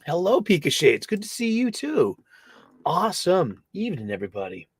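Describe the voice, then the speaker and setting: A middle-aged man, hosting a casual livestream chat, who gets excited and lets his voice jump into higher registers. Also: normal speed, husky, no echo. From Boston. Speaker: livestream host.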